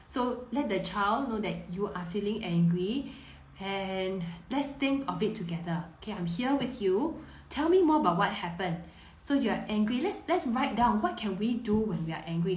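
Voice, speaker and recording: A woman in her thirties, a parenting coach answering viewer questions on a live stream, warm and reassuring, often repeating words as she thinks. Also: medium pitch. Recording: roomy echo.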